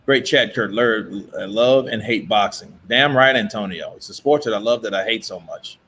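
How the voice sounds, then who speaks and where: A man's voice: lowish voice, normal speed, a bit bright, a little hiss or hum. A man hosting a casual boxing chat, swearing freely and talking loosely with his viewers. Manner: profane, laughing, mimics boxers' voices. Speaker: boxing commentary host. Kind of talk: casual live-stream chat.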